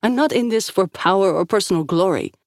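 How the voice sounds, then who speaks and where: Calm proud sorceress , a woman putting her on, earnest. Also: mid-range voice, fairly quick, dry recording, studio quality, pitched above the performer's own voice, natural voice.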